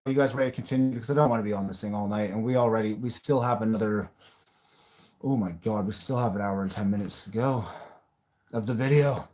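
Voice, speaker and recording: A man's voice: on the low side, fast, mellow, faint music behind. A man hosting a live stream, talking bluntly, ranting at times and swearing freely. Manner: blunt, rants and raves, swears. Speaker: livestream host. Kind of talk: live-stream reaction chat.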